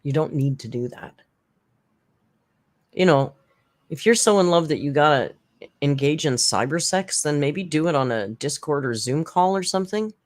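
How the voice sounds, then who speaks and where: A channel host giving casual spoken commentary, blunt and rambling, with frequent restarts, side remarks and sarcastic jumps in pitch for emphasis. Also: expressive, moderate pace.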